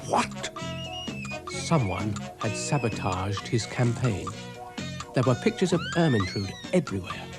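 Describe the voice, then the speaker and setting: A man's voice: lowish voice, very animated, moderate pace, over loud music. A British man narrating a children's cartoon in a dry, understated way. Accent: British English. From England.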